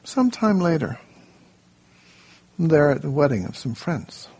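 A man leading a workshop, telling a story in an unhurried way, then giving a group plain instructions in a room. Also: a little high, sing-song, a little mellow, husky. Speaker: workshop leader.

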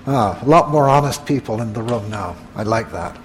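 A man teaching meditation to a live group in a room, relaxed and conversational, often asking the room questions. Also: medium pitch, normal speed, slight background noise. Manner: relaxed, asks the audience questions, frequent "uh". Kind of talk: evening talk to a live group.

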